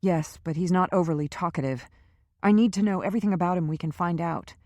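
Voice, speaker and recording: A woman's voice: fairly low pitch, quick pace, darkish tone, no echo, lightly acted. A woman voicing a determined woman questioning a captive in an audiobook, direct and pressing.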